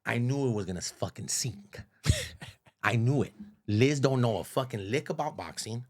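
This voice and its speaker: A middle-aged man, a radio host, telling stories as a guest in a casual, profane, animated way, often saying "bro.". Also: medium pitch, moderate pace. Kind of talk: casual storytelling.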